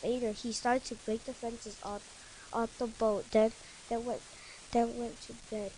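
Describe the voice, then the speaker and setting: A woman reading a simple story aloud, halting, with many restarts and fillers. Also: a little high, level tone, a little mellow, slight background noise, low-quality recording. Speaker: story reader. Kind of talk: reading own written stories aloud.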